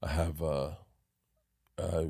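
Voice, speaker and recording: A man's voice: a bass voice, little pitch movement, slow pace, vocal fry, dark tone, breathy edge, no room sound, clean studio sound. A man telling rambling, self-deprecating stories in a casual podcast chat, with many restarts. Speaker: comedian guest.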